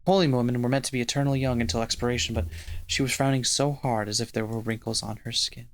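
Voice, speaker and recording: A man co-hosting a let's-play, reading the narration of a visual novel aloud in an expressive way. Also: medium pitch, fast. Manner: expressive narration with swearing asides. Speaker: podcast co-host.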